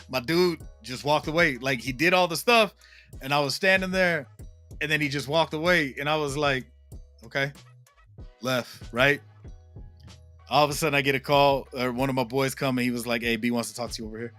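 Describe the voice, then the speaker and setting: A man's voice: fairly high pitch, big pitch swings, moderate pace, sharp tone, faint music behind. A man giving a casual devotional teaching as a minister, talking in a conversational, slangy way, often asking "right?" and repeating his points for emphasis. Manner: tells stories with emphatic repetition.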